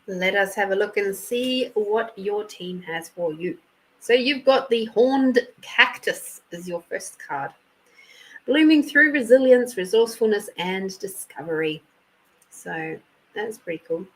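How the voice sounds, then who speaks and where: A woman hosts a casual live intuitive card reading. She chats with viewers by name at a middling pitch and reads card meanings aloud. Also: takes it slowly, fairly bright tone, low-quality recording. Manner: chatty, answers viewers by name. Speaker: host and intuitive card reader.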